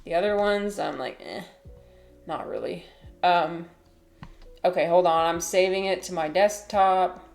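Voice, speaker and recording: A woman chatting on a livestream in a low, unhurried voice. She rambles and restarts herself often, with lots of fillers, and coos softly to her cat in between. Faint music plays behind her. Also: creaky. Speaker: livestreamer and teacher. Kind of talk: casual livestream chat.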